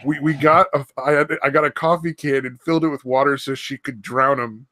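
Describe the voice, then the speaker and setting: A man's voice: medium pitch, steady tone, brisk, bright, forceful tone, no room sound. A man co-hosting a casual podcast, telling profane stories and laughing at them. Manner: swearing storyteller, laughs at own stories. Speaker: podcast co-host.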